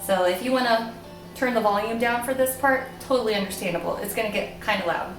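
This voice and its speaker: Playful young female cooking host, bright and light in pitch, recorded in a roomy space. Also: fairly quick, loud music behind the voice. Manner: chatty and playful, laughs at herself. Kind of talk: casual how-to cooking demonstration.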